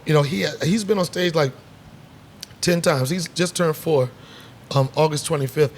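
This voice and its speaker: Slight background noise accompanies this fairly high-pitched male voice moving at a moderate pace. The speaker is a middle-aged comedian guest at a bar set, swapping stories in casual conversation, doing voices and cursing without restraint.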